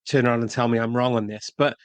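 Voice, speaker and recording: A man's voice: medium pitch, steady tone, quick pace. A man co-hosting a casual film podcast, rambling as he searches for names and details. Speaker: podcast co-host.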